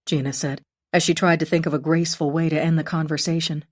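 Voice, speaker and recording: A female audiobook narrator reading a mystery novel. Her voice is low and steady, and she tells the story in a measured, even way. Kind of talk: scripted narration.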